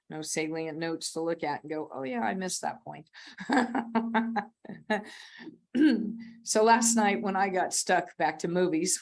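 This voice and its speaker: A middle-aged woman giving a conversational, rambling sermon as a guest speaker, laughing often at herself. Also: fairly low pitch. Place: church sanctuary.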